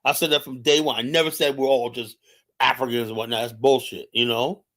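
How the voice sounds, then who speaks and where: A man's voice: medium pitch, fairly even intonation, a little fast, fairly bright tone. A man hosting a livestream, delivering a heated political monologue. He is combative and profane and often repeats phrases while challenging viewers directly. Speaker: livestream host.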